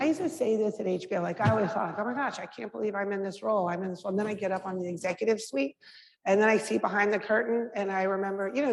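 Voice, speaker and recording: Gravelly middle-aged woman, candid and frank. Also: mid-range voice, darkish tone. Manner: frank, conversational, many restarts and fillers. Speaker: mayor, guest speaker. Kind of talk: candid Q&A answers at a public talk. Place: lecture hall. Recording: reverberant hall with faint background noise.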